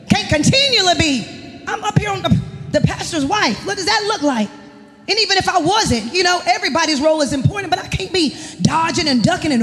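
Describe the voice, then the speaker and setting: A woman's voice: very high-pitched, fairly bright tone. A woman preaches with fervent, emphatic conviction from a church pulpit. As the pastor's wife and a worship leader, she delivers her sermon passionately. Her voice rings out with a long, echoing church reverb behind it.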